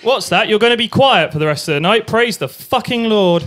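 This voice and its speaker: A man's voice: sits high, lively intonation, fairly quick, a bit bright, slight background noise. A young man performing a crude stand-up set at an open mic night, acting out voices and sounds. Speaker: stand-up comedian.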